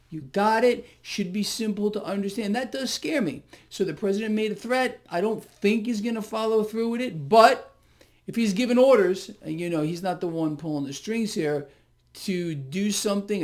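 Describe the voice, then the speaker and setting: A man's voice: high voice, darkish tone. A man giving unscripted market commentary, blunt and emphatic, who repeats key phrases for stress and throws rhetorical questions at the viewer.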